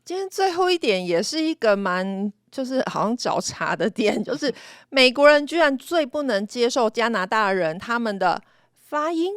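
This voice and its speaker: A woman's voice: a little high, very animated, moderate pace, dry recording, studio quality. A woman from Taiwan, co-hosting an English lesson and explaining chattily with English words mixed in. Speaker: co-host English teacher. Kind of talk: casual bilingual lesson chat.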